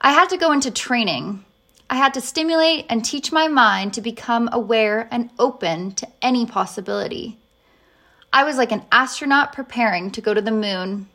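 Wise old professor guy, slow and clear, kinda patient, lady reading him out. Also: on the high side, bright, forceful tone. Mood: earnest. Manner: slow, distinct and earnest.

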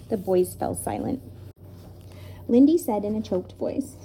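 A woman reading a children's story aloud in an expressive, dramatic way. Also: medium pitch, normal speed, vocal fry, a little hiss or hum.

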